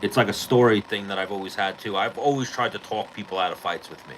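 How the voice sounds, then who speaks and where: A man's voice: on the low side, quick pace, slight background noise, poor audio. A male podcast host telling a rambling, profane story in casual chat.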